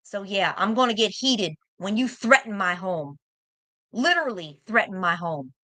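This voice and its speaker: A woman's voice: medium pitch, animated, normal speed, pushed and bright. A young American woman arguing heatedly on a livestream, confrontational and profane, hammering her points by repeating them. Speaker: livestream guest.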